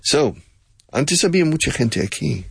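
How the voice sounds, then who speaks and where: A man's voice: on the high side, sing-song, moderate pace, creaky, breathy edge, no echo, studio quality. A man from Texas, teaching English in a chatty, digressive way and laughing often. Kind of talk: language lesson with drills.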